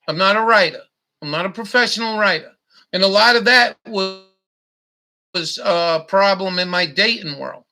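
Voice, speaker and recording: A middle-aged livestream host talks bluntly during a casual livestream chat, swearing a lot and repeating himself as he rants. His voice is high-pitched, pushed and bright.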